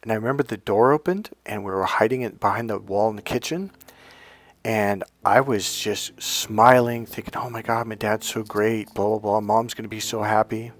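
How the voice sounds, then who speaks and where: A man's voice: lowish voice, fairly even intonation, moderate pace. A middle-aged man giving dating coaching and telling a personal story in an earnest, emphatic way, sometimes acting out what others said. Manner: earnest, emphatic, acts out quotes.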